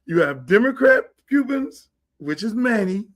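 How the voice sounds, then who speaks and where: A middle-aged man from Miami runs his own show in a blunt, profane, animated commentary style. His voice sits high for a man, and he often drops into quoted voices of the people he talks about. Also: a little slow. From Miami, Florida. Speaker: host.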